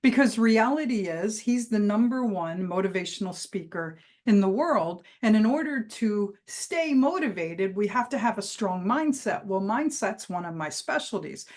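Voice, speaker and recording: A woman's voice: mid-range voice, normal speed, hardly any pauses. Woman telling a motivational keynote story. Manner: lively anecdotal delivery with vivid emphasis. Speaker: keynote speaker and trainer.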